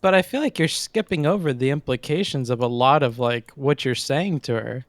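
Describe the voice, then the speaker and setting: A man's voice: mid-range voice, moderate pace, no echo, clean studio sound. A man calling into a stream, questioning hesitantly in casual chat. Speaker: call-in guest.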